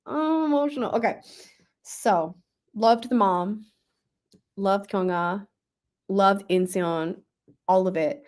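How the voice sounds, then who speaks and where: A young woman hosting a book club, talking casually and emotionally about a novel, with many fillers and pauses to think. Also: mid-range voice, a little mellow. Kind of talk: casual book review livestream.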